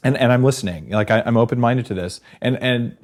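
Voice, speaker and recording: A man hosting a podcast interview, introducing his guest and telling stories in a quick, excited way. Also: mid-range voice. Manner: excited, storytelling, quick asides. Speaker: podcast host. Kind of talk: casual interview chat.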